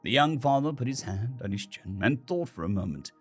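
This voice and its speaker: A man reading a story aloud in an expressive, scripted narration. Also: mid-range voice, brisk, breathy edge. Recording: faint background music.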